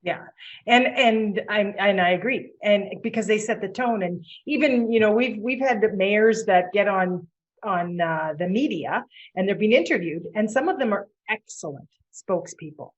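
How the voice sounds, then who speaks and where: A woman's voice: mid-range voice, moderate pace, muffled recording. A woman hosting an interview, asking long, curious questions in a conversational tone. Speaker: podcast host.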